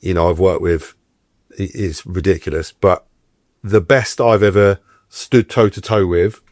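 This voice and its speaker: A low-sitting voice at a measured pace belongs to a middle-aged actor guest telling stories during a casual interview. He's animated, acting out the voices he quotes, and the studio-quality recording has no echo.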